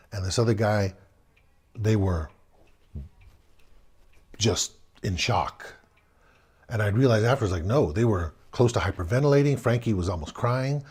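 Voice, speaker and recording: A man telling a spooky childhood story aloud, swinging between loud bursts and hushed tones. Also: fairly low pitch, husky. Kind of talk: personal ghost story told aloud.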